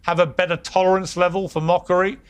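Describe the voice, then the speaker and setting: A man's voice: high voice, level tone, fast talker, clean tone. A man hosting a heated panel debate, combative and teasing, repeatedly cutting in on guests. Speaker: TV debate host.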